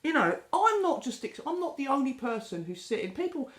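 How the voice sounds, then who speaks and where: Exasperated British woman venting with lively, animated delivery. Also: sits high, a little fast, a little hiss or hum. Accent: British English. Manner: exasperated, sarcastic storytelling with acted-out quotes. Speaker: vlogger. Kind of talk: casual chat, ranting. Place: home kitchen.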